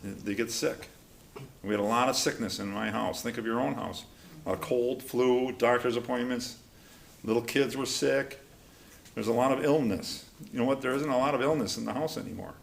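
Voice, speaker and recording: A man with a gravelly, fry-edged voice teaches a recovery class in a loose, conversational way. He gets animated and acts out quotes, with a faint hiss of noise behind him. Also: medium pitch, moderate pace. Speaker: class leader.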